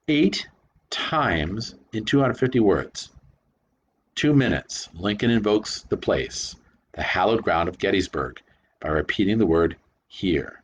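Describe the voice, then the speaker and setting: A low-pitched man lecturing with a lively, swinging delivery, punching out key words for emphasis. His voice rises and falls widely as he makes each point. There is a faint hiss of noise under the recording. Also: measured pace, dull audio. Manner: animated, emphatic, stresses single words. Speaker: commentator on rhetoric. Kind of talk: reflective spoken lecture.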